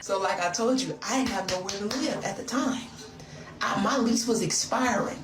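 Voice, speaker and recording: A woman's voice: fairly high pitch, normal speed, loud music behind the voice. A woman telling a personal story in a chatty, playful way, speaking straight to her listener. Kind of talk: casual confessional storytelling. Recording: roomy, distant, noisy phone audio.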